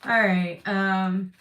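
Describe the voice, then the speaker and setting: A woman's voice: mid-range voice, a bit bright, a little hiss or hum. A woman giving a live tarot reading to her chat, emphatic and reassuring, repeating phrases, swearing casually and getting emotional. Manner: emotional, close to tears at times. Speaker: tarot reader.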